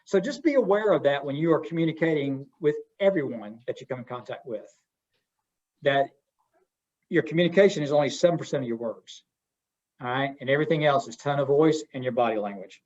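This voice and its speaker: A man's voice: mid-range voice, a little fast, darkish tone. Middle-aged guy running a workshop, chatty, throws questions at the room, kinda dull lo-fi audio. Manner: folksy, asks the audience questions. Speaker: webinar presenter. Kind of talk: interactive workshop talk.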